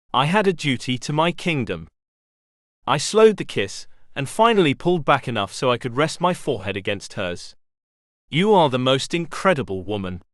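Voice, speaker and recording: A man narrating a romance audiobook in first person, giving an expressive scripted reading. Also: mid-range voice, no echo, studio quality.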